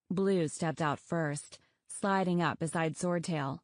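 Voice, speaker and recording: A woman narrating an audiobook in a measured, even way. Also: sits low, no room sound, studio quality. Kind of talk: scripted narration.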